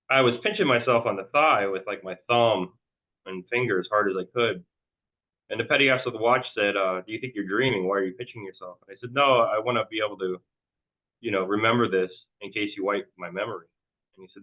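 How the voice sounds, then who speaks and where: A man telling a long personal story as an interview guest, rambling loosely and restarting his sentences often. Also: fairly low pitch. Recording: tinny phone-like line.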